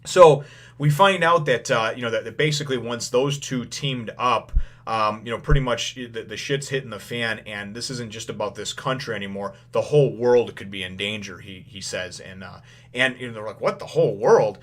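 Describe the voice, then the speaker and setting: A man giving a casual first-impressions recap of a manga chapter, rambling with plenty of filler phrases and acting out lines in quick paraphrase. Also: mid-range voice, a bit bright.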